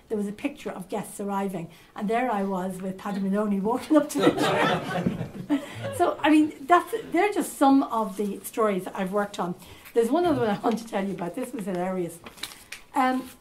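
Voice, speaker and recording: An older Irish woman spins lively anecdotes from her years as a journalist, full of asides and little fillers. Her voice sits at an ordinary middle pitch. Faint noise hums under the talk. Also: poor audio. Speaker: journalist speaker. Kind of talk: storytelling talk to a live audience. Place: conference hall at a castle hotel.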